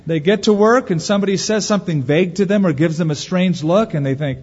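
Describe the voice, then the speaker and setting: A man preaching a sermon as pastor, lively, acting out the anxious voices of worriers. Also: high voice, quick pace, hardly any pauses. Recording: dull lo-fi recording with long hall reverb.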